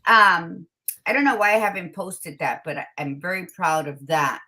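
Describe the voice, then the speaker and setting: A woman hosting a casual talk show, blunt and expressive, with a tired morning voice, dropping in Spanish greetings. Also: on the low side, moderate pace. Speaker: podcast host. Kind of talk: casual chat.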